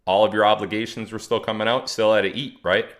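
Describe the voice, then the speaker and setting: A man's voice: fairly low pitch, steady tone, fast talker. A man hosting a casual livestream, talking to his chat in a chatty, mocking way and reading viewer comments aloud. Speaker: livestream host.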